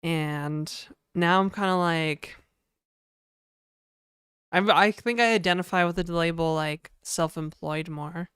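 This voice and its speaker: A woman's voice: on the low side, fairly even intonation, slow pace, fairly bright tone, smooth, no echo, studio quality. A woman from New Brunswick with a mild Canadian accent, chatting casually and jokingly with her live-stream viewers. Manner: chatty, joking, answers chat aloud.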